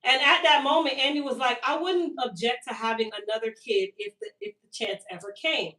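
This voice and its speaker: Woman chatting on a live stream, kinda high voice, lots of animated long-winded storytelling, echoey room and she's a bit off the mic. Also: a little fast, recorded from a distance. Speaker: hair care business owner and host. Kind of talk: casual live-stream sales chat.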